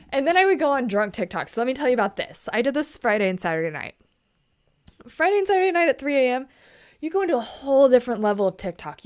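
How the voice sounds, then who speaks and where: Chatty young woman, smooth higher voice. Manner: chatty, indignant, slangy storytelling; keeps her voice down. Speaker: vlogger. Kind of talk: casual late-night chat.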